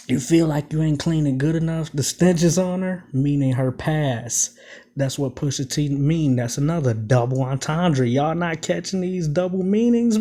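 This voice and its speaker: A man's voice: fairly high pitch, mellow. A man casually breaking down rap lyrics line by line, emphatic, repeating quoted bars and asking if the listener follows. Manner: emphatic, repeats quoted lines, keeps asking "you know what I'm saying". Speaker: commentator.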